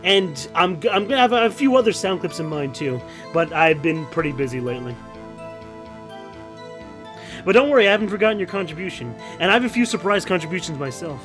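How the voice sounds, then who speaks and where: A man's voice: sits high, animated, fast talker, hardly any pauses, a bit bright, faint music behind. A man streaming a game, joking and rambling crudely in casual commentary.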